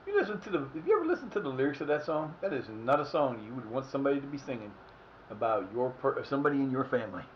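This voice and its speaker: A man's voice: mid-range voice, big pitch swings, racing, highs cut off, slight background noise. A man streaming a soccer management game, cursing and exasperated as he talks to himself. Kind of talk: live game commentary.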